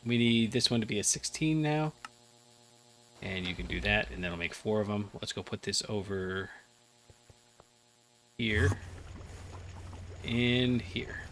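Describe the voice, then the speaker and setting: This gaming channel host sounds a bit groggy after napping as he muses casually during a Let's Play, full of filler words. He speaks slowly and pauses often, his lowish voice carrying a fairly bright tone over slight background noise.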